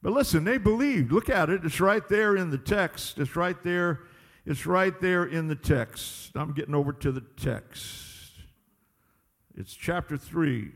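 A man's voice: fairly high pitch, lively intonation, unhurried. A man preaching a sermon in a church, emphatic and repetitive, pressing the congregation with call-and-response lines. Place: church sanctuary. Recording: long hall reverb in a church.

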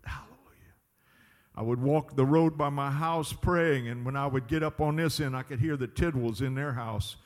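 A man's voice: medium pitch, moderate pace, in a large hall. A man preaching a sermon as pastor, emphatic and drawing out his words. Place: church sanctuary.

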